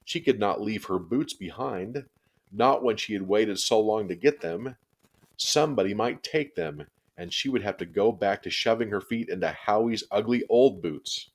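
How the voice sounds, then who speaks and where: A man reading a children's chapter book aloud with steady, expressive storytelling. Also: on the low side, moderate pace.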